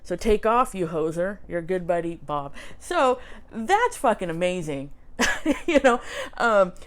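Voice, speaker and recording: A woman's voice: medium pitch, clear, resonant tone. A woman hosting a casual vlog at home, rambling and chatty, often laughing as she talks. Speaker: vlog host showing records. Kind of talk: casual chat. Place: home near a railway.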